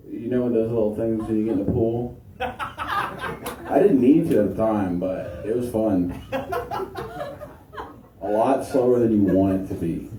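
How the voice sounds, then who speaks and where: A young man doing a crude, profane stand-up set with crowd work, recorded from a distance in a noisy, echoey small venue. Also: lowish voice. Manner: crude, profane, laid-back delivery. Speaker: stand-up comedian.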